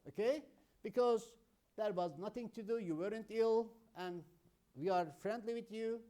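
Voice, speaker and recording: A man teaching an English grammar lesson, explaining slowly and emphatically through examples. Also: high-pitched, mellow. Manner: slow, emphatic, explains with examples, keeps saying "my friends".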